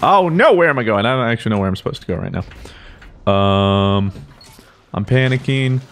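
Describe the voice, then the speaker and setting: A young man giving excitable, joking gameplay commentary, talking to himself as he plays. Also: lowish voice, fairly quick, vocal fry. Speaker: gaming YouTuber.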